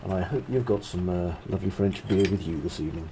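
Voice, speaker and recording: Chatty low-voiced man. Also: fast, background noise. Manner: chatty and self-mocking, with frequent asides. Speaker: game developer. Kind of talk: casual gameplay commentary.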